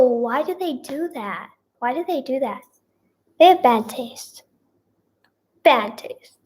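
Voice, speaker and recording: A woman vlogger chatting casually through a storytime, rambling with lots of fillers and repeats, and leaning dramatically on her feelings. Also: high-pitched. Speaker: singer and vlogger.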